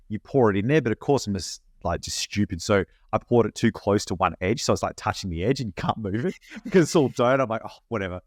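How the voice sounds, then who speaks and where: Lively bloke telling a story. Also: male voice, fairly low pitch, dry recording, studio quality. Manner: animated storytelling, laddish slang. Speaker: podcast co-host. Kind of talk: casual chat.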